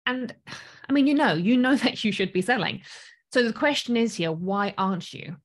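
A woman's voice: on the high side, lively intonation, normal speed. A woman in her thirties from South Africa with a mostly British accent and a light South African tinge, giving an earnest motivational coaching talk full of rhetorical questions. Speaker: business coach.

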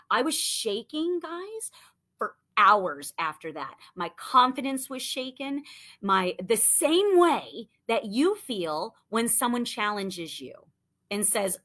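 Woman in her 30s doing a peppy sales pep talk, lots of "like", kinda high bright voice. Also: slow. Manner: animated, chatty, lots of "like" and acted-out quotes. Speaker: sales coach. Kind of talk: motivational storytelling talk.

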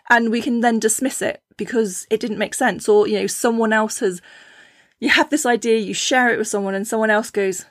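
A woman's voice: a little high, normal speed, no echo. Chatty woman, dry close sound. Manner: chatty, animated quoted voices, frequent restarts. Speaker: podcast host. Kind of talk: casual spiritual talk.

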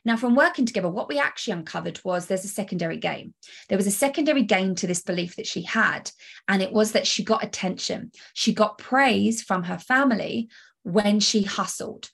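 A woman's voice: medium pitch, a little fast, vocal fry, breathy edge. A woman hosting a solo coaching podcast, talking energetically and emphatically straight to the listener. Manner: energetic, emphatic, direct address with rhetorical questions.

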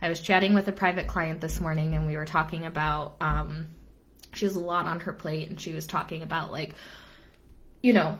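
A woman's voice: sits low, fairly even intonation, a little fast. A young adult woman business coach giving an earnest live-stream talk, repeating phrases for emphasis and dropping casual asides.

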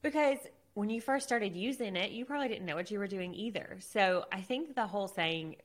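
A woman's voice: mid-range voice, animated, brisk. A woman hosting a podcast, interviewing her guest in a friendly, conversational way and laughing along. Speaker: podcast host, marketer.

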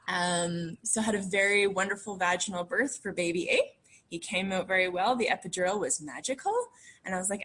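A woman's voice: medium pitch, normal speed, a bit bright, husky. A woman in her thirties telling a story about giving birth to her twins in casual conversation. She talks in a chatty way, laughs often and acts out the voices of the people she quotes.

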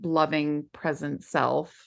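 Earnest, lower-voiced woman sharing openly. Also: flat delivery, slow pace, creaky. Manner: heartfelt, rambling with restarts and fillers. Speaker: podcast guest, former client. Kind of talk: candid conversational interview.

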